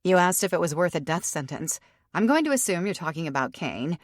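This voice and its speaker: A spirited young werewolf woman, as a female narrator plays her, brisk and emphatic with a cheeky edge. The voice sits low for a woman and is recorded dry and close. She speaks bluntly and with upbeat force. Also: big pitch swings, no room sound. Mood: frank. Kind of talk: audiobook character reading.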